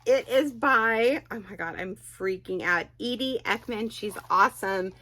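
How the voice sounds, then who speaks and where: A woman crochet vlogger chatting excitedly as she unboxes birthday gifts, gushing and exclaiming often. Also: a little high, measured pace.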